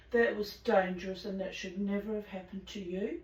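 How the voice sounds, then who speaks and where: A woman's voice: mid-range voice, steady tone, normal speed, few pauses, roomy sound, noisy background. A woman reading aloud at home in a casual, frank way that is full of swearing, with pet birds around her. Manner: frank and earthy, swears freely. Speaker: channel host reading aloud.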